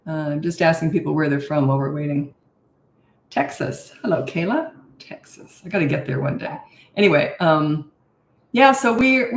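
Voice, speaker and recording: Hosting a live stream with frequent laughter, an older parenting coach from Canada and Australia greets viewers and chats casually. She has a fairly low voice, and the roomy, echoey audio carries a little hiss or hum.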